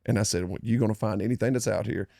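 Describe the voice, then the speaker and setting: A man's voice: lowish voice, racing, vocal fry, mellow, no echo, clean studio sound. A man hosting a podcast, telling stories in casual chat. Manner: storytelling, drawling Southern banter. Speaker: podcast host.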